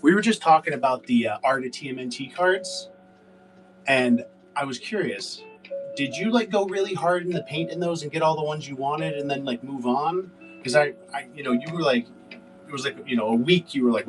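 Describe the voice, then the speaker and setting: A man's voice: mid-range voice, brisk, far from the mic, faint music behind, low-quality recording. A man hosting a casual livestream, rambling and cursing with lots of fillers. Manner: rambling, profane, filler-heavy. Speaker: livestream seller host.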